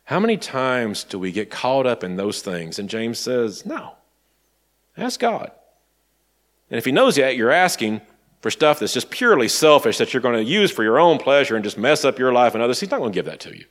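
A man from Tennessee preaches in a relaxed, storytelling way. His pitch moves a lot, and he sometimes drops into quiet asides. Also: brisk. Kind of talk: sermon.

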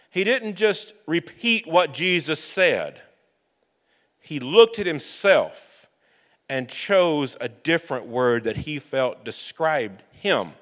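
A man delivers a sermon at a slow, deliberate pace, with pauses for reflection. His voice sits a little higher than most men's. Long reverb from the church hall trails after his words. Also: expressive, fairly bright tone. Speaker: pastor.

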